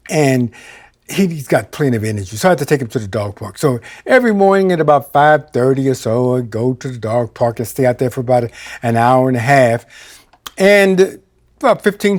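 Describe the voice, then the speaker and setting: A male minister preaching a sermon, telling a personal story and swinging between loud exclamations and quiet asides. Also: on the high side.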